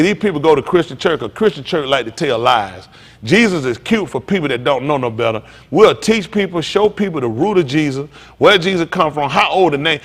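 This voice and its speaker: A male pastor delivers a fiery sermon with a high voice that leaps all over the place. He talks bluntly and mockingly, swearing as he goes. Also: fairly bright tone. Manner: heated preaching.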